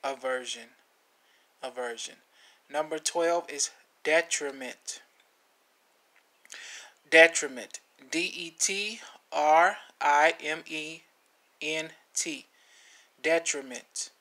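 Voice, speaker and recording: A man hosting a vocabulary video, naming each word, spelling it letter by letter and repeating it, with relaxed asides. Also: on the high side, takes it slowly, long pauses. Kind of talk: slow spelling lesson.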